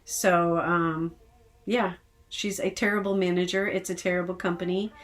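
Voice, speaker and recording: A woman's voice: lowish voice, flat delivery, moderate pace. A woman from Texas venting in a casual personal vlog, frustrated and rambling with many hesitations. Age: adult with decades of work history. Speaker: vlogger.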